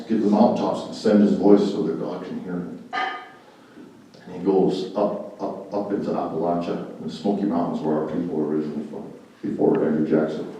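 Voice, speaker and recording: A man's voice: low voice, dark tone, slight background noise. A man telling a traditional legend to an audience as a guest speaker, folksy and dramatic, repeating words for effect. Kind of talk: oral storytelling talk. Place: church hall. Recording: echoey hall from far off, music.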